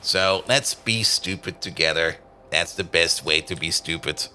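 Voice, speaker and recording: A man's voice: low voice, a little slow, pushed and bright, a little hiss or hum. A man streaming a game live, chatting casually with his viewers and laughing often.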